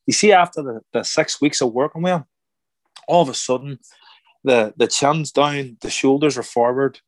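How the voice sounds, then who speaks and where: A middle-aged man, a former boxer turned actor, telling stories in a casual interview, animated and acting out quoted voices. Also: mid-range voice, moderate pace, no echo. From Ireland. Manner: animated, acts out quoted voices, repeats words. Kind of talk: casual conversational storytelling.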